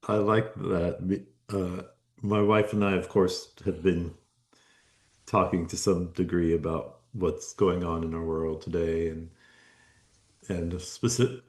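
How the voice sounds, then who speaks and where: Man, very deep voice, slow, thoughtful host, roomy echo. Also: little pitch movement, a little mellow. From United States. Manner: measured, thoughtful, a bit halting. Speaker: podcast host. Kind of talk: interview conversation. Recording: echoey room sound.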